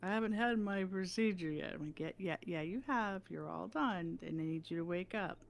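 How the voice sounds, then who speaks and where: A woman's voice: on the low side, normal speed, creaky, slight background noise. A woman livestreamer chatting casually, telling a story with lots of laughs and acted-out voices. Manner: chatty, laughing, acts out voices in her anecdotes.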